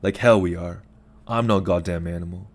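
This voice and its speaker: A man's voice: sits low, fairly even intonation, normal speed. A man voicing an agitated lawyer who swears and rants in self-pity on the phone. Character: bitter drunk-sounding male lawyer, ranting.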